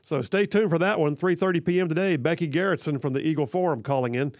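A man's voice: a little high, fast, darkish tone, no echo. A man hosting conservative talk radio from a studio, upbeat and jokey, rambling with fillers. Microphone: studio mic.

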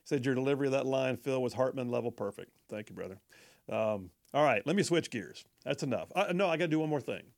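A man's voice: medium pitch, expressive, quick pace. A man hosting a talk radio show, chatty and folksy, reading listener texts and often stumbling over his words.

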